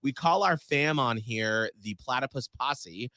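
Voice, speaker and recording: A man's voice: mid-range voice, unhurried, bright, forceful tone, no room sound. A man hosting a podcast, bubbly and playful, speaking into a studio microphone. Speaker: podcast host. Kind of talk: casual chat.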